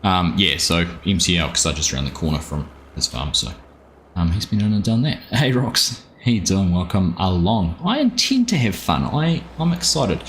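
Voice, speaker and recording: Low-voiced, chatty New Zealand man hosting a laid-back game stream from home. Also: sing-song, normal speed, a bit bright, slight background noise. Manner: chatty, greets viewers by name. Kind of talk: casual live-stream chat. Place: home room.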